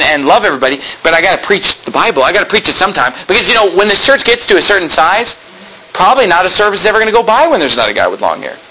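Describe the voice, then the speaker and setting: A man's voice: on the high side, sharp tone, slight background noise, low-quality recording. A male pastor delivering a sermon in a plain-spoken, emphatic way, full of rhetorical questions.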